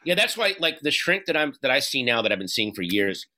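Bright-voiced man talking earnestly. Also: mid-range voice. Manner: earnest, halting, profane, animated retelling. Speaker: guest. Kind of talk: candid conversational interview.

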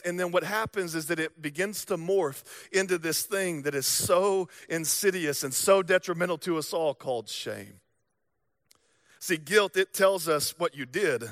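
A young man preaching a sermon, telling stories and acting out voices, swinging from loud to hushed. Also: fairly high pitch, measured pace, no echo, clean studio sound. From American South. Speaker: pastor.

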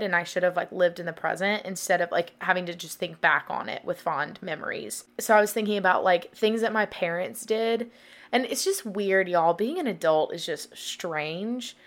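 A young woman, hosting a podcast in a casual, rambling, confessional way with many fillers. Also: lowish voice. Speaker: podcast host.

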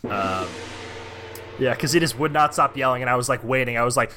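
A man's voice: mid-range voice, brisk, background noise. A young man in casual podcast chat, swearing constantly and talking emphatically. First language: English. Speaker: podcast co-host.

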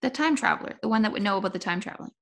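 A woman's voice: mid-range voice, expressive, racing, a bit bright. A woman co-hosting a podcast, reacting with exclamatory banter during a TV recap. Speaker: podcast co-host. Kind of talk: casual TV episode recap.

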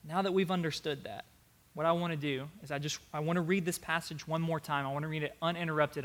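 A man's voice: fairly high pitch, a bit bright. A man preaching a sermon as pastor, earnest and emphatic, repeating his key phrases.

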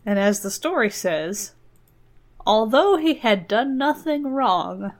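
A woman's voice: on the high side, sing-song, slow pace. A woman hosting a comedy podcast who retells a fairy tale in a casual, playful, digressive way. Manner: playful, digressive, laughs often.

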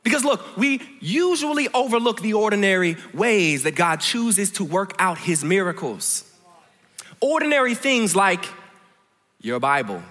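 High-voiced, bright male preacher in a hall. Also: sing-song, measured pace. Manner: storytelling preacher, swings from hushed to emphatic. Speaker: pastor. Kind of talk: sermon. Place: large church hall.

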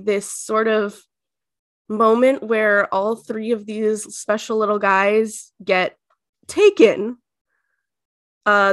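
A chatty woman co-host talking through an episode recap in a relaxed, filler-heavy way. Her voice sits at an ordinary middle pitch. The recording is close and dry. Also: no room sound. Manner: chatty, lots of fillers, quick bursts. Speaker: podcast co-host. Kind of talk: casual recap chat.

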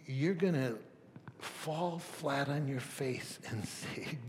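A man preaching a sermon as pastor, swinging from loud emphatic peaks to soft near-whispers, with rhetorical questions and stammered restarts. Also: medium pitch, slow, slight background noise. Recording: long reverb of a large hall.

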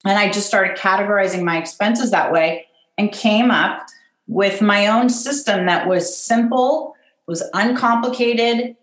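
A middle-aged woman, a guest who runs an event business, telling her story in a candid, self-deprecating and animated way. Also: mid-range voice, unhurried. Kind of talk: personal storytelling in conversation. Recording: roomy echo.

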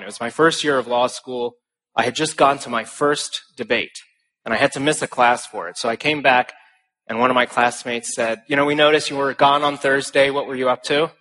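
A man's voice: medium pitch, pushed and bright. A young man giving a speech to an audience, telling stories with earnest emphasis and flashes of humor. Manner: emphatic rhetorical phrasing. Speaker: speaker.

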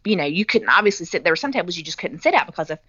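Chatty sarcastic woman with a bright voice. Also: lowish voice, animated, rapid-fire, slightly rough, dry recording, lo-fi sound. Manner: chatty storytelling, sarcastic asides. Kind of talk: casual chat.

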